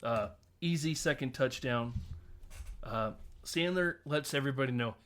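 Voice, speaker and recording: A man in his thirties hosting a casual film podcast, retelling scenes in an animated way with frequent laughter and casual swearing. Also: medium pitch, measured pace. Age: 30s. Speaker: podcast host. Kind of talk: casual film recap chat.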